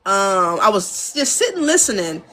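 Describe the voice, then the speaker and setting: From her home studio, a female American producer and audio engineer chats openly in an informal interview at a normal pace and medium pitch. Laughing often, she tells stories with energy, performing the back-and-forth of studio sessions.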